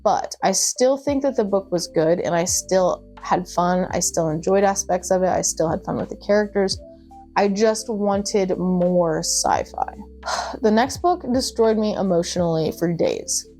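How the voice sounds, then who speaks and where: A young woman talking casually as a book vlogger, chatty and gushing, with quick asides. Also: fairly low pitch, lively intonation, mellow, soft background music. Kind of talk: casual chat.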